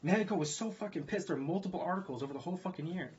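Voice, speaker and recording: Racing through a profane news rant, this male video blogger keeps repeating his points and asking rhetorical "guess what" questions. His high-pitched voice is a little mellow, and the recording sounds muffled.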